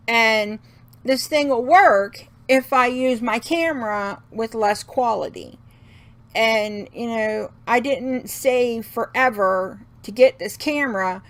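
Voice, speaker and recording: A woman's voice: fairly high pitch, fairly bright tone. A middle-aged woman hosting a craft video, talking in a casual, folksy way and venting with frequent laughs. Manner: talkative, folksy, laughs often while venting. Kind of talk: casual chatty vlog rant.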